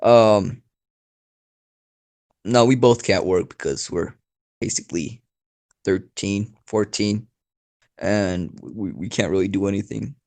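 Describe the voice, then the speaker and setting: A man's voice: lowish voice, slow pace, gravelly, pauses often, darkish tone. A young man host rambling through a made-up story in casual chat, swearing and full of fillers. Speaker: channel host.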